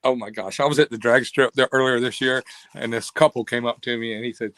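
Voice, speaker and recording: An older man, an interview guest telling stories in a lively, animated way. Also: medium pitch, fast, no room sound. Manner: animated storyteller, acts out quoted voices. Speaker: interview guest, cam company owner. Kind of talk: casual interview storytelling.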